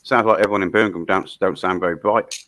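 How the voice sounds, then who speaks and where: A man's voice: low voice, steady tone, fast talker, a bit bright, slight background noise. A man in casual chat, blunt and sweary, laughing often.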